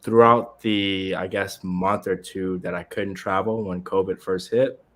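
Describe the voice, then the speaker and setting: A man's voice: low voice, steady tone, a little slow, a bit bright. A man who is a guest in a casual interview, answering in an earnest, reflective way about traveling.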